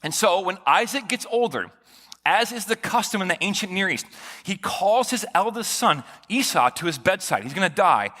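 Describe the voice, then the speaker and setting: A male pastor giving a sermon in a church, animated and joking, with a conversational, chatty delivery. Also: sits high, moderate pace. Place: church sanctuary. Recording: long church reverb.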